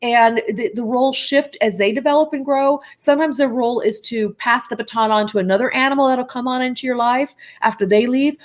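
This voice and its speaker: A woman's voice: a little high, fairly quick, hardly any pauses. A woman speaking as a psychic medium guest in a casual live interview, talking straight to the viewers and drifting off onto tangents.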